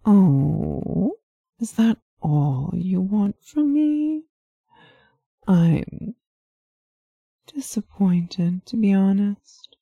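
A woman voicing a seductive, teasing female demon who speaks in a slow, purring way. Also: mid-range voice, animated, vocal fry, dark tone, slightly rough, dry recording, dull audio, pitched above the performer's own voice, heavily acted. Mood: mock disappointment.

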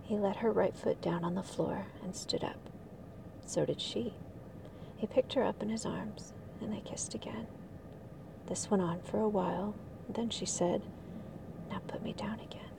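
A woman reads a book passage aloud in a slow, hushed whisper. Her voice is breathy, with a gravelly, crackly edge under the quiet tone. She sits at an everyday middle pitch. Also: steady tone, recorded from a distance.

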